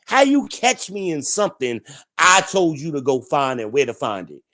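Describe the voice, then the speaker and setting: A man's voice: a little high, sing-song, moderate pace, a bit bright. A man from New Jersey hosting a livestream, ranting to his chat in a blunt, profane, combative way. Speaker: livestream host. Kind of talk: ranting live-chat commentary.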